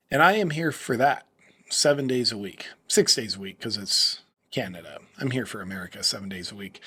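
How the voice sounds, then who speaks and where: A man's voice: medium pitch, fairly bright tone, husky. A man in his forties hosting a political commentary video, mocking and sarcastic, switching into an ad read. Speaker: host.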